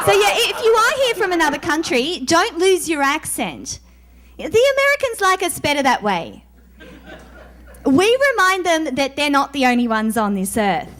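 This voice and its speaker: A sardonic Australian woman performing stand-up into a handheld mic. Her voice sits very high and bounces around a lot as she lands self-mocking jokes. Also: sing-song, unhurried, noisy background. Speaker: stand-up comedian. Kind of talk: stand-up comedy set.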